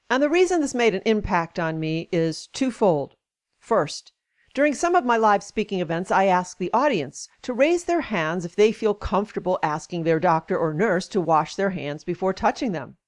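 Woman giving an expressive read-aloud. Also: lowish voice. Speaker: speaker reading an essay aloud. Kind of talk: reading aloud, then commenting.

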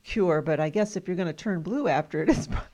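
With a low, dark-toned voice and a fast delivery, a woman runs a trivia game show. She reads facts to her guests cheerfully and laughs a lot.

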